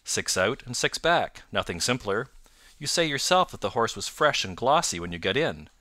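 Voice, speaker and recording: A man voicing a sharp, confident male detective in an audiobook, cool and measured. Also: mid-range voice, sing-song, dry recording, clean studio sound. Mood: calm, knowing. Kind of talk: audiobook narration.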